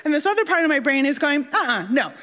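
Animated woman telling a story. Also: sits high, quick pace, big-room sound. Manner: animated, self-mocking, acts out quotes. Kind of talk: live personal storytelling.

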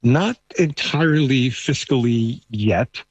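A middle-aged man with a thick New York accent and a husky, slightly rough voice. He talks conversationally, often restarting his sentences. The recording is dry and close. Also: medium pitch, slow pace, dry recording. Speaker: guest, American living in Canada. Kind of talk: casual discussion.

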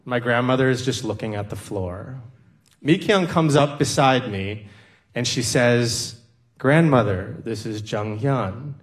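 Slow, earnest male storyteller. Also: mid-range voice. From American Midwest. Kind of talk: personal storytelling on stage.

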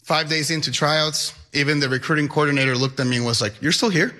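Bright-voiced young man. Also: on the high side, fairly even intonation, fast. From Mexico. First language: Spanish. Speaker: high school Spanish teacher. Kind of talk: personal storytelling.

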